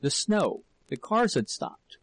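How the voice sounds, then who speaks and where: A man's voice: fairly high pitch, big pitch swings, slow pace, no room sound, voice pushed up, exaggerated voice. Frightened young wife, breathless and pleading, read by a man in a raised voice, dry close sound.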